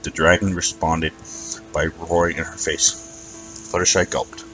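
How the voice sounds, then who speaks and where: Low-voiced man reading a story. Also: unhurried, soft background music, rough recording. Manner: even storytelling read-aloud with some stumbles. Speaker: narrator. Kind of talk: fan fiction reading.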